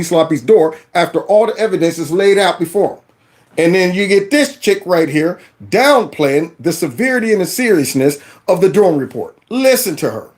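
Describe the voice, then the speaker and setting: A man's voice: a little high, a little mellow. Exasperated man with a raised voice. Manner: exasperated, colloquial, incredulous. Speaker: political commentary host. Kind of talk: animated reaction commentary.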